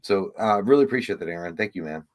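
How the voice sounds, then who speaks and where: A man co-hosting a casual movie livestream, joking in a laid-back way and pausing with halting fillers. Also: deep voice, expressive. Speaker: podcast co-host.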